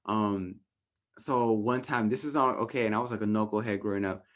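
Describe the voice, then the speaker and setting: A man from Southern California leading a workshop in casual, animated teaching talk, tagging his points with "right?", swearing lightly and laughing at himself. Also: fairly low pitch, fairly quick. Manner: animated, often ends points with a questioning "right?"; acts out inner voices in raised, playful tones. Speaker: workshop facilitator.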